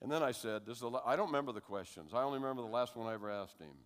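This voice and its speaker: An older man preaching, telling a personal testimony in a conversational storytelling manner that builds to loud, animated passages. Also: mid-range voice, very fast. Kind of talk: sermon storytelling. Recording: long reverb of a large hall.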